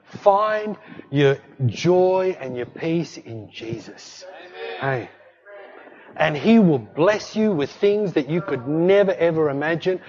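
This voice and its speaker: Calling out to his congregation, a middle-aged male pastor preaches a sermon with emphatic, repetitive delivery, leaning on "hey" and "don't fret." His slow, expressive voice sits a little higher than most men's and has a darkish tone. It rings with long reverb through a church hall on a dull, lo-fi recording.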